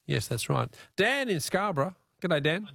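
An Australian man hosting a talkback radio quiz, chatty and quick to laugh, repeating his question to callers. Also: sits high, big pitch swings, vocal fry, fairly bright tone, dry recording, clean studio sound. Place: radio studio. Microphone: studio mic.

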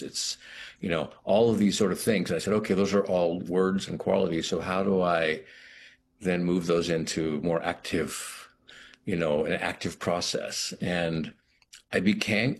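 A middle-aged man with a very low voice, talking slowly and reflectively as an interview guest. He stops and restarts his phrases often, leaning on "you know" while he searches for the word. A faint background hum sits behind him. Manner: thoughtful, halting, many restarts and "you know".

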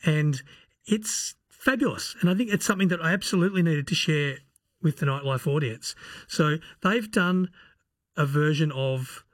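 A man's voice: on the high side, moderate pace, dry recording, clean studio sound. A man, a radio producer, explaining new music on air in an easy, chatty way. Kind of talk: radio music segment chat. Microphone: studio microphone.

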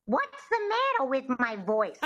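A woman mimicking a whiny female silent-film star in a squeaky, nasal whine. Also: wildly swooping pitch, a little slow, a bit bright, highs cut off, full character voice.

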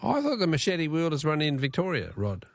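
A man's voice: fairly high pitch, wildly swooping pitch, a little fast. A man with an Australian accent hosting a talkback radio show, jovial and easygoing, chuckling as he chats with callers. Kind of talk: casual talkback chat.

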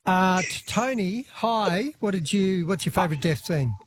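A man hosting a call-in radio show, relaxed and chuckling as he reads listener messages. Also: high voice, normal speed, noisy background. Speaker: radio host.

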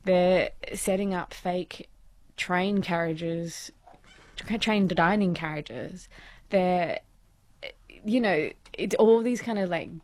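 Woman, podcast co-host, chatty and enthusiastic, gravelly fry. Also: lowish voice, no echo. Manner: enthusiastic, chatty, laughs often. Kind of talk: casual chat.

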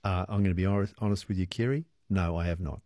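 A man hosting a radio interview, asking curious questions with many hesitations and giving brisk station announcements. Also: deep voice, steady tone, dark tone, dry recording, clean studio sound. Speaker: radio host.

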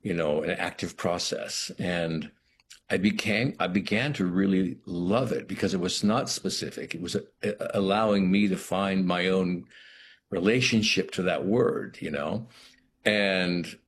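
Deep-voiced man reflecting in an interview. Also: a little hiss or hum. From United States. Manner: thoughtful, halting, many restarts. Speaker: actor guest.

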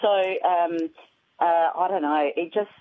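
A woman's voice: on the low side, unhurried. An Australian woman chatting as a radio guest, telling her story freely. She comes through a thin, tinny phone line with faint hiss. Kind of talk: casual chat.

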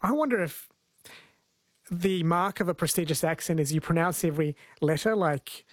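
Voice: medium pitch, moderate pace, no echo. Conversational radio host, dry studio sound. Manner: friendly, conversational, questioning. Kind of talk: radio talk show hosting.

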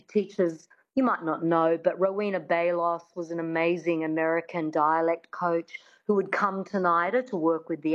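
A woman who grew up in Australia works as a dialect coach, breaking sounds down and saying them slowly for her student. The recording is a little dull and muffled. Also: lowish voice. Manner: demonstrative, slows down to model sounds. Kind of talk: teaching an accent in an interview.

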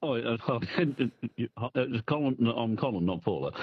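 An Australian man calling into a radio quiz, rambling and halting as he gets over a heavy cold. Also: mid-range voice, animated, husky, dry recording, highs cut off. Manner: rambling, halting, laughs nervously. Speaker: radio caller. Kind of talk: casual phone-in chat.

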